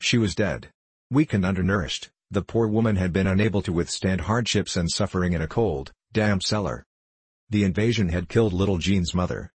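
Deep husky male storybook narrator. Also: darkish tone, no room sound.

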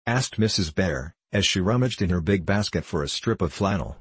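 Brief: deep-voiced male narrator, husky, steady storybook reading. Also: moderate pace, no room sound. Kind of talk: audiobook narration.

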